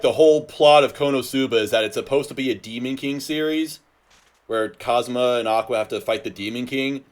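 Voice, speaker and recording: A man reacting to a video with casual, sarcastic, exasperated commentary. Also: mid-range voice. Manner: exasperated, sarcastic, mumbles trailing asides. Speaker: reaction channel host.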